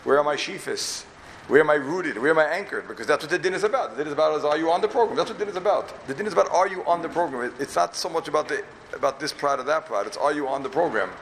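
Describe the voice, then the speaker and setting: A rabbi from Borough Park, giving an emphatic yeshiva talk full of repeated questions and wry asides. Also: male voice, fairly high pitch, animated, rapid-fire, a bit bright, a little hiss or hum. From Borough Park, New York.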